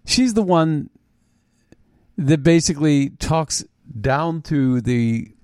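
A man hosting a political commentary show, talking in a mocking, halting way with frequent restarts. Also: on the high side, expressive, darkish tone, clear, resonant tone, dry recording, clean studio sound. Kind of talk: opinionated commentary monologue.

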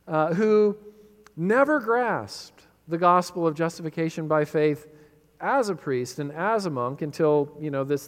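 A male pastor giving a sermon, often repeating words as he talks and building emphasis on quoted cries. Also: a little high. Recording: long reverb in a hall.

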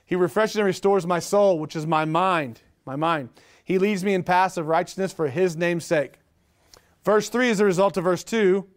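Middle-aged guy preaching, high voice, lots of repeating and asking the crowd right?. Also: moderate pace. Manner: energetic preaching with rhetorical questions and repetition. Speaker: pastor. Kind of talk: sermon.

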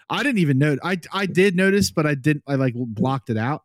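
A man's voice: on the high side, expressive, brisk, few pauses, dry recording, studio quality. A man, co-hosting a podcast and chatting casually and profanely about the game as he watches it, rambling with lots of fillers. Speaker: podcast co-host.

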